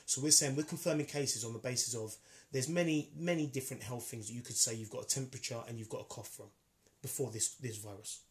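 A man's voice: medium pitch, fast talker. A man in a casual debate, talking emphatically and repeating himself as he argues.

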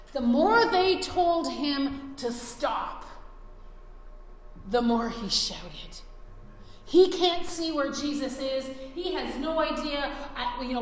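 A woman preacher giving a sermon, retelling a story with animated, acted-out scenes. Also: sits high, normal speed. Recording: echoey hall, faint ambience.

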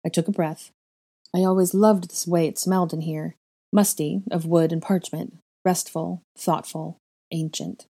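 Female audiobook narrator, measured soft delivery, deep mellow voice. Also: fairly even intonation, breathy edge. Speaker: audiobook reader. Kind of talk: first-person fan fiction narration.

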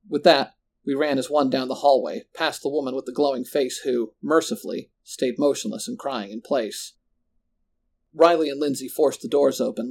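A man telling a first-person horror story in a measured, subdued way. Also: medium pitch, a little mellow. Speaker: narrator.

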